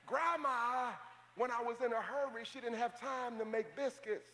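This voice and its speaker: High-voiced, animated preacher. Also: male voice, normal speed, a little hiss or hum. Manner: animated preaching, joking with the congregation. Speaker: pastor. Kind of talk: sermon. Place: church sanctuary. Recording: reverberant church hall, faint ambience.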